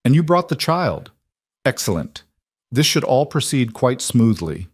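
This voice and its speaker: A man's voice: lowish voice, expressive, moderate pace, a little mellow, no echo. A man voicing a smug, cold villain registrar. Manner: smooth and condescending. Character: smug cold scheming male county registrar.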